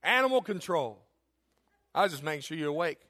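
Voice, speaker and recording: A man's voice: fairly high pitch, big pitch swings, a little fast, a bit bright. A middle-aged male pastor preaching a sermon with emphatic repetition and joking asides.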